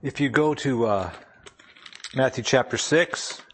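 Speaking from the front of a gathering, a man gives a devotional talk, sharing a personal story in a plainspoken, conversational way and reading scripture aloud. His mid-range voice is slow and a bit bright, with a breathy edge.

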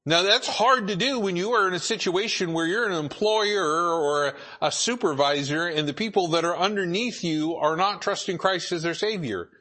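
A man preaching a sermon as pastor, halting with many repeated words and filler sounds. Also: high voice, bright, forceful tone.

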